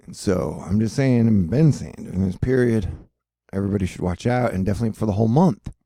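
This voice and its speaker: Gravelly, rambling man vlogging. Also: on the low side, fast, dark tone, dry recording, studio quality. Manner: rambling, profane, jokey, loses his train of thought. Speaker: weather and space video host. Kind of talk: rambling casual commentary over weather maps.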